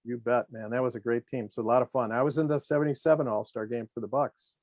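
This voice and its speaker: A man's voice: medium pitch, steady tone, fast, darkish tone, no room sound. A man in his sixties, a former sports trainer, telling long anecdotes in an interview with lots of fillers. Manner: rambling anecdotes with many fillers. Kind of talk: storytelling interview.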